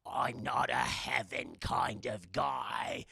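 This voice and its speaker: A man voicing a grumpy, stubborn old male ghost in a slow, deep growl. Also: creaky, pushed and bright, husky, no echo, studio quality, exaggerated voice. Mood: grumbling. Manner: sullen, drawn-out words.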